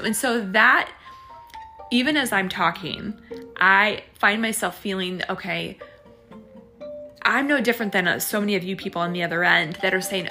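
A woman's voice: medium pitch, normal speed, sharp tone, soft background music. A woman hosting her own podcast, talking casually and encouragingly about faith, with lots of fillers and restarts. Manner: chatty and reflective, with many fillers and restarts; faith-based encouraging talk. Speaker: podcast host. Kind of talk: casual solo podcast monologue.

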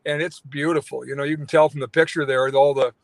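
A man's voice: a little high, steady tone, fast talker, creaky, dry recording. A man, a radio talk show host, telling a long story with lots of fillers and restarts. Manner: rambling, many fillers and restarts. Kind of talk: phone-in interview storytelling.

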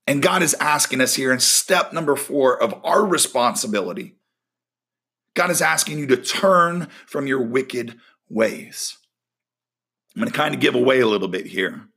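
Husky-voiced man preaching a sermon. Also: mid-range voice, expressive, a little slow, a bit bright. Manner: earnest, emphatic preaching with repeated phrases.

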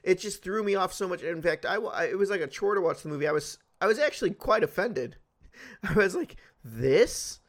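A man with a slightly high voice chatting on a casual podcast. He tells stories in an animated way, swearing freely and laughing as he goes. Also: quick pace. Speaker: podcast co-host.

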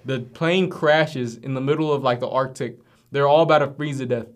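A man's voice: mid-range voice, normal speed. A man co-hosting a casual podcast, animatedly retelling cartoon episodes with plenty of slang and fillers. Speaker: podcast co-host.

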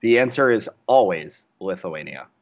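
A man in casual podcast banter who delivers deadpan sarcasm and swears easily. His voice sounds a little dull and lo-fi through his microphone. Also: low-pitched, normal speed. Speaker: podcast co-host. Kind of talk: casual chat. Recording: dull lo-fi mic.

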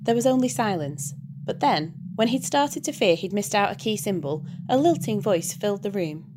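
A woman narrates a story aloud in an even, steady storytelling voice. Her pitch sits in a middle range. A steady hiss runs under the recording. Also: moderate pace. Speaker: audiobook narrator. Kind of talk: reading fan fiction aloud. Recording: background hiss.

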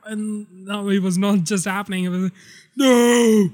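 A man hosting a casual spoiler podcast, rambling excitedly and swearing a lot as he recaps a movie. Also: high voice, fast. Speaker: podcast host.

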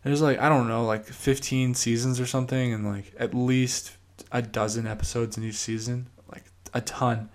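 A man's voice: mid-range voice, flat delivery, normal speed. Young male podcast host, easygoing solo monologue, rambling with filler words.

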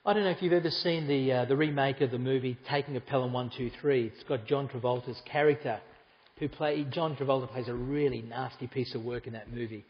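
A man's voice: medium pitch, fairly even intonation, a little fast, long reverb tail, lo-fi sound. A man preaching a sermon to a congregation, talking conversationally and making asides to the people in front of him. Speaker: pastor. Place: church hall.

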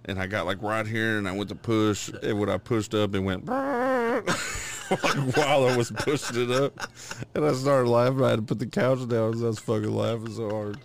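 A man's voice: mid-range voice, moderate pace, gravelly, slight background noise. A man co-hosting a podcast, telling crude stories in casual chat, swearing freely and laughing through his own punchlines. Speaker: podcast co-host.

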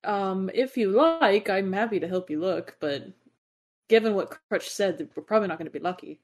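Young woman player, mid pitch, chatty and polite at the table. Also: normal speed. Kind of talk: tabletop game chat.

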